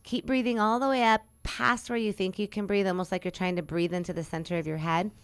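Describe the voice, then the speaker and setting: A woman's voice: medium pitch, steady tone, fast, clean tone. A middle-aged woman who coaches others, talking through breathing techniques and affirmations in a soothing, guiding way. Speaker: spiritual coach. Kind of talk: casual conversation.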